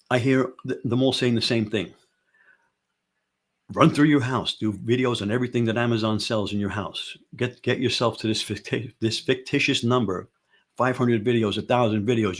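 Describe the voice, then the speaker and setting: A man's voice: mid-range voice, normal speed. A man hosting a casual talk show, giving emphatic advice and repeating rhetorical questions again and again. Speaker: show host.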